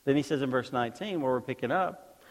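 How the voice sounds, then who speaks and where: A man's voice: mid-range voice, fast talker. A man preaching a sermon to a congregation, talking in a conversational way and tossing out rhetorical questions. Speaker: pastor. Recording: long hall reverb.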